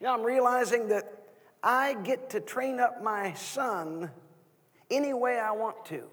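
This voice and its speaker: Husky high-voiced preacher in a church. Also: male voice, measured pace, big-room sound. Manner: animated preaching with questions to the congregation. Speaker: guest minister. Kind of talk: sermon. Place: church sanctuary.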